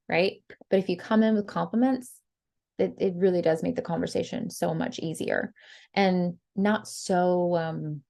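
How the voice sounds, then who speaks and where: A young woman giving lively, chatty sales coaching on a group call, acting out bits of dialogue. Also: on the low side, creaky. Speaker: sales trainer.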